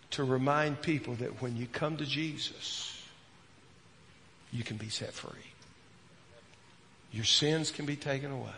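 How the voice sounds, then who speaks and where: A man preaching a sermon as a pastor, earnest, repeating words and dropping from loud to hushed. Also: mid-range voice, big-room sound, slight background noise.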